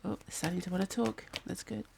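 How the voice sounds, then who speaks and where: Speaking fast in a steady mid-range voice with vocal fry, a New Zealand woman chats through a casual tarot reading. She muses aloud and drifts into bits of song, against a noisy background that includes a humming fan.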